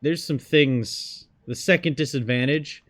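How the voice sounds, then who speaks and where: A man's voice: mid-range voice, measured pace, a bit bright. A man playing a tabletop role-playing game who thoughtfully describes his character's actions. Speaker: player.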